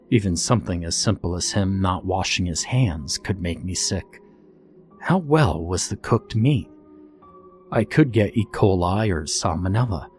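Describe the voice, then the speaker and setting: A man reading a first-person horror story in a calm, steady scripted narration. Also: fairly low pitch.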